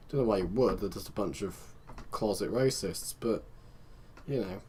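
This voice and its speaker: A man's voice: on the low side, normal speed, a little mellow, a little hiss or hum. Rambling man commenting on gameplay. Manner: rambling, chatty, talks to himself. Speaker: let's play host.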